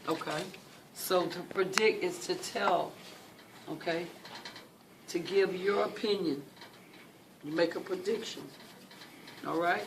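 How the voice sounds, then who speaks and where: With long pauses and an unhurried mid-range voice, a teacher leads a reading lesson, patiently restating questions and key words for students. The mic is far off, leaving a distant, noisy classroom recording.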